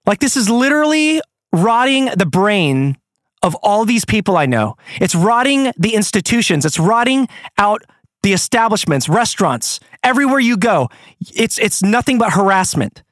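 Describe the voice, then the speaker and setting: Man, angry rant, profane, lively pitch, dry sound. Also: normal speed, dry recording. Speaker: podcast host. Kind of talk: ranting monologue.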